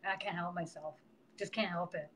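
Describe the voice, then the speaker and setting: A woman's voice: fairly low pitch, steady tone, normal speed, noisy background. A middle-aged woman, a medium, hosting a casual live stream and chatting about her work with many fillers. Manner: chatty, warm teaching with frequent fillers. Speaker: medium and host.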